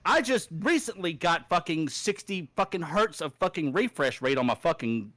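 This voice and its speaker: A man's voice: fairly high pitch, lively intonation, moderate pace, a bit bright, no echo. A man who races online, ranting angrily after a race and swearing constantly over voice chat. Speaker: sim racing driver. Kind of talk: profane post-race rant.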